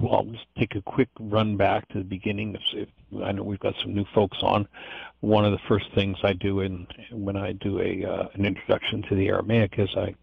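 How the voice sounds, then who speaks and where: A man's voice: fairly low pitch, vocal fry, husky, dry recording, highs cut off. A man teaching an informal course lecture, earnest and digressive, often restarting his sentences.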